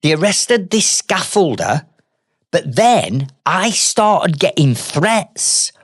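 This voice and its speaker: A man's voice: sits high, sing-song, takes it slowly, husky, no room sound, clean studio sound. A man with a Northern English accent, hosting a podcast and telling a story in a blunt, conversational way. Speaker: podcast host, trades business owner. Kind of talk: storytelling monologue.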